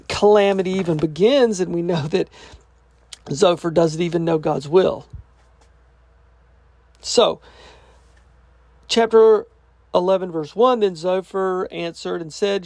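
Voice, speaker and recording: A man's voice: sits high, a little mellow, no room sound. A man teaching through a scripture passage verse by verse, reading each part aloud and then restating it in plain, casual words. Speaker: Bible teacher.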